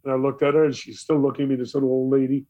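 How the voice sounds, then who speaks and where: An older Brooklyn-born radio DJ, guesting on an interview, tells stories very fast in a medium-pitched voice, lively acting out the voices of the people involved. The audio sounds dull.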